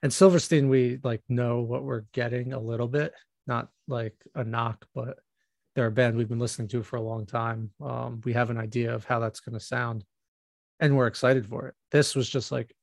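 A man co-hosting a music podcast, his voice gravelly and fry-laden. He rambles casually with lots of fillers and restarts. The sound is close and dry. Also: medium pitch, fairly even intonation, normal speed, dry recording. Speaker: podcast co-host.

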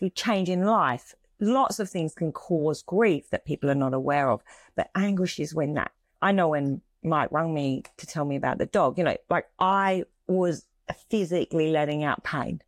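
Halting, heartfelt woman sharing. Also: sits low, no room sound. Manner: halting, searching for words, heartfelt. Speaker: podcast co-host. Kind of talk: casual emotional conversation.

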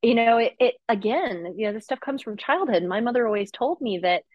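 A woman's voice: a little high, expressive, brisk, dry recording, highs cut off. A woman who works as a coach, chatting casually and openly, often laughing. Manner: open, emotional, laughs often. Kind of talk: casual chat.

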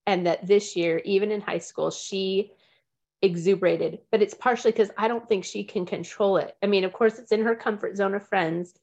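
A woman's voice: medium pitch, steady tone, normal speed, darkish tone. A woman, sharing earnestly and emotionally with a group, close to tears. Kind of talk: heartfelt personal sharing.

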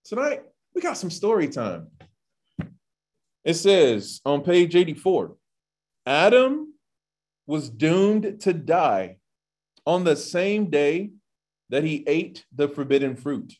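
A man teaching a relaxed Bible study, with a fairly high voice that rises and falls a lot. He is chatty and animated, and he drifts into asides and quick acted-out lines.

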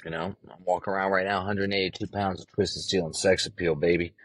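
A man's voice: deep voice, little pitch movement, fairly quick, a bit bright, no room sound, rough recording. A young man hosting a casual solo podcast, talking in a brash, profane and rambling way. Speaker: podcast host.

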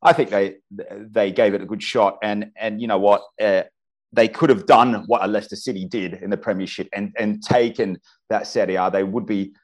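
Man, Australian accent, lowish voice, football commentator, podcast guest, enthusiastic, halting restarts. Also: fairly even intonation. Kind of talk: casual podcast chat.

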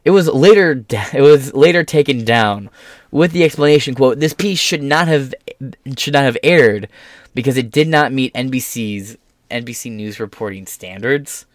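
A man's voice: mid-range voice, no room sound, clean studio sound. Sarcastic man reading the news aloud. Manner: sarcastic and crude, laughing at his own jokes; shifts between slow reading and fast asides. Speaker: political commentary host. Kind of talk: reading news articles aloud with running commentary.

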